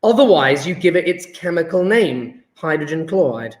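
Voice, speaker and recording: Upbeat male chemistry teacher, high voice, echoey room, lively and encouraging. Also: moderate pace. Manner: chatty, enthusiastic, praising students by name. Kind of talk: live online lesson. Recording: roomy echo.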